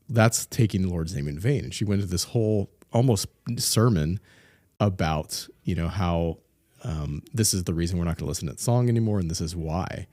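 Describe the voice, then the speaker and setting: Low-voiced man, relaxed and hesitant. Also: no room sound, studio quality. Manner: relaxed, hesitant, many fillers. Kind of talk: casual podcast chat.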